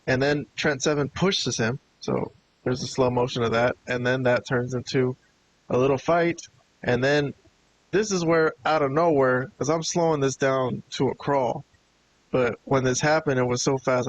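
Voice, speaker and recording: A man giving a casual, laid-back review of a wrestling show, chatting and chuckling as he goes. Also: mid-range voice. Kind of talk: casual video review commentary. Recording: dull lo-fi with hiss.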